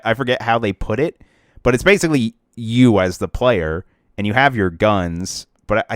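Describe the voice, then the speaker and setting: A man's voice: fairly low pitch, clear, resonant tone, no echo, studio quality. A young man co-hosting a casual podcast about video games, rambling with lots of fillers and restarts. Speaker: podcast co-host.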